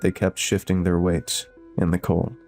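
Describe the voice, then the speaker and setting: A man narrating a scripted horror story in a steady, measured way. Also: sits low. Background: faint music.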